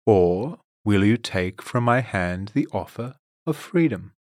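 A man reading a storybook, voicing a condescending female tempter who coaxes slowly and then commands. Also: lowish voice, lively intonation, a little mellow, dry recording, clean studio sound. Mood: coaxing. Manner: slow, coaxing, then commanding. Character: scheming woman tempter, silky and condescending.

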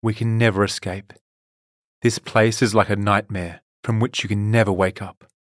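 A man's voice: lowish voice, little pitch movement, normal speed, dry recording, clean studio sound, natural voice. A man reading a storybook, voicing a young elf heroine who sounds weary and then defiant. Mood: despairing. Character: brave young elf queen, thirsty and defiant.

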